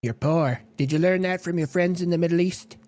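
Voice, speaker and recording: A man's voice: on the high side, fairly quick, darkish tone, no room sound, lightly acted. A man playing a brash, crude male politician in a satirical sketch, taunting and laughing at his own jokes. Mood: mocking.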